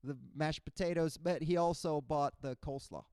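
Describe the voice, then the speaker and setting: A young man from Cuba doing a stand-up comedy set, animated and jumping into high character voices. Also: normal speed, clear, resonant tone, dry recording.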